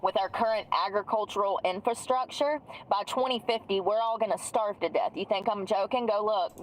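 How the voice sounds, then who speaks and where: A woman's voice: mid-range voice, steady tone, moderate pace, few pauses, poor audio. A woman vlogging from inside a vehicle, ranting in a sarcastic, profane way. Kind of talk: ranting vlog.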